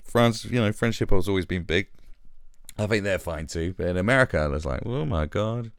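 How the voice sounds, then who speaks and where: A man's voice: sits low, fairly quick, dry recording, studio quality. A British man hosting a live stream, ranting sarcastically and mocking in casual commentary.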